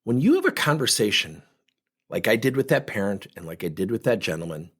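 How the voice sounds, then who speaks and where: Animated middle-aged man, husky voice. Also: on the low side, brisk. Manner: energetic, animated storytelling. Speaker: workplace communication coach. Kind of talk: podcast monologue with acted anecdotes.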